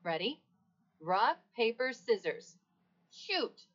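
A synthetic woman's voice playing a polite, playful female AI voice assistant, with a breathy tone and even, polished delivery. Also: a little high, takes it slowly, exaggerated voice. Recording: dull lo-fi recording of a device speaker.

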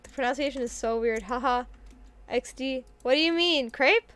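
Young woman, high voice, casual stream chat, giggly, keyboard clacking. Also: normal speed, smooth. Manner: giggly, excitable, talks to chat. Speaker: game streamer.

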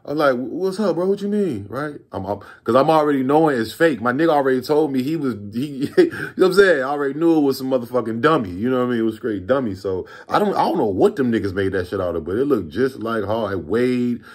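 A man's voice: medium pitch, expressive, quick pace, hardly any pauses. A man in his thirties from Virginia telling a story in a rambling, laid-back way, with lots of profane slang. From Virginia, USA. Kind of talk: casual storytime vlog.

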